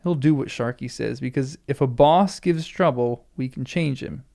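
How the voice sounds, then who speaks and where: Sneering thug in a read-aloud book, low and gravelly, man doing the voice. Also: normal speed, darkish tone, lightly acted. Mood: threatening. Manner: sneering, threatening. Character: menacing mocking ruffian man, squint-eyed bully. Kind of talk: reading a novel aloud.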